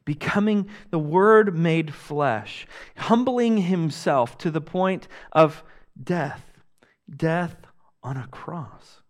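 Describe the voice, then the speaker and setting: Earnest young male preacher, slow and high. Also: animated. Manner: earnest preaching, swings between loud emphasis and soft hushed lines. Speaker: pastor. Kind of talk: sermon.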